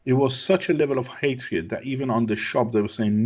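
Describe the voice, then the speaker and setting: A man's voice: medium pitch, brisk, dull audio. A man from Iran, a guest in an interview, speaking emphatic English that is not his first language and repeating his phrases. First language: Persian. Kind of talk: conversational interview.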